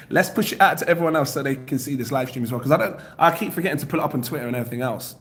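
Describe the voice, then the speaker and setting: A man's voice: very fast, slight background noise. A young man hosting a crypto livestream, chatting casually, reading out viewer comments and laughing often. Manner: animated, jumps up in pitch when excited.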